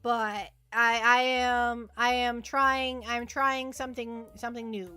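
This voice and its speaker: A woman's voice: fairly high pitch, little pitch movement, slow pace, bright, forceful tone, smooth, faint music behind. A young woman livestreaming casual chat, rambling and repeating words as she answers her chat.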